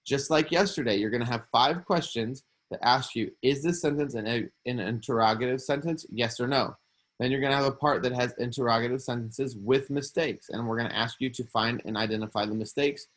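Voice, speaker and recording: A man's voice: medium pitch, a little fast, fairly bright tone. A man with a mid-range voice teaches a recorded grammar lesson for young students. He is patient and repetitive, stating each rule again as he steps through the examples one by one.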